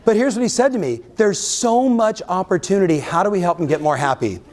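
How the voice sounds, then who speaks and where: A man giving an energetic motivational keynote to a live audience, often firing questions at the crowd. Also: sits high, fairly quick. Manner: energetic, keeps quizzing the audience. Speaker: real estate coach and keynote speaker. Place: live event in front of an audience.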